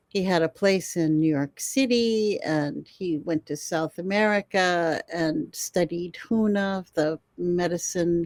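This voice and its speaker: An older woman, a guest herbalist, telling animated stories in an interview and laughing often. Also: lowish voice, no room sound. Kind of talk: storytelling in an interview.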